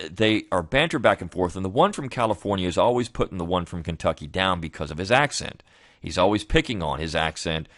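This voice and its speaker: A man with a deep, low voice talks through his thoughts in a loose, rambling way, circling back and restarting often. The sound is close and dry, with no room echo. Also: fairly bright tone. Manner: rambling, frequent restarts and fillers. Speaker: podcast host. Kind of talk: casual spoken commentary.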